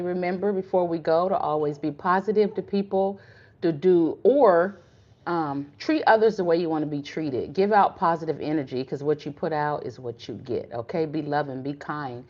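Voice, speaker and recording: A woman's voice: low-pitched, a little mellow. An older woman hosting a live cooking stream, chatty and encouraging in a folksy way. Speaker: cooking livestream host. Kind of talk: casual live cooking chat. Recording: muffled lo-fi livestream audio, faint room hum.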